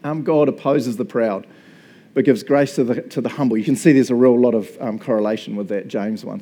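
A male pastor preaching a sermon in a casual, joking, animated way. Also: mid-range voice, moderate pace, husky.

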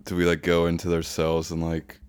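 A man hosting a podcast in casual chat, low-key and dryly teasing his guest. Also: completely flat delivery, brisk, a little mellow, clean tone, dry recording. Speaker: podcast host. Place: Philadelphia.

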